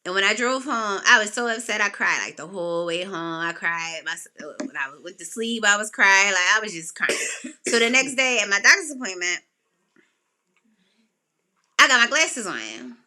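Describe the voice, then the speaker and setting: A woman hosts a podcast, sharing a personal story in a casual chat. Her voice sits in the mid range and moves at a moderate pace. She is animated and emotional, raising her voice when quoting people.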